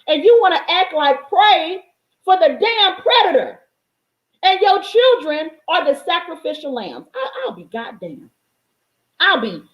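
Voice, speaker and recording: High, emphatic woman giving blunt advice. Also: roomy sound, low-quality recording. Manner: emphatic, profane, preachy. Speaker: motivational speaker. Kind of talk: blunt motivational talk.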